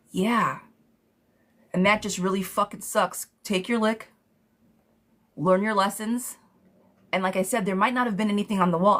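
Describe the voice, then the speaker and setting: A woman giving a live tarot reading, talking bluntly to viewers, swearing freely and calling them sweet pet names. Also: mid-range voice. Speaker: tarot reader.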